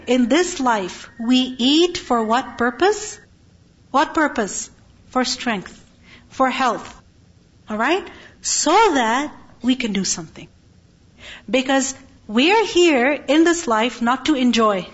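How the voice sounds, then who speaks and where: A woman with a high voice gives a religious lesson to a class. She keeps asking her listeners questions and then answers them herself. The recording sounds dull and lo-fi. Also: breathy edge. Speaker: Quran teacher.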